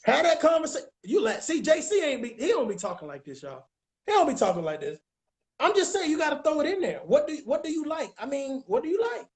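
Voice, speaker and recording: A man's voice: very high-pitched, sing-song, fast. A man coaching on relationships in casual chat, emphatic and repetitive, often checking that listeners follow. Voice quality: emphatic, repeats phrases, keeps asking if you understand. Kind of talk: casual advice talk.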